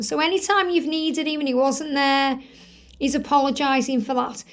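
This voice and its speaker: A woman with a slightly croaky throat, giving an earnest spiritual card reading and relaying messages in the first person. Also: sits high, normal speed. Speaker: tarot reader.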